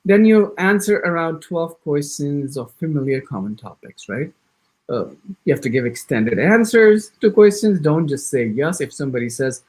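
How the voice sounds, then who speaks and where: A man with an American accent teaches an exam-prep orientation, his voice sitting a little high and swinging up and down a lot. He talks in quick bursts, restarts sentences often, and acts out sample answers. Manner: animated, talks fast in bursts with many restarts. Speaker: IELTS instructor. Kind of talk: orientation lecture.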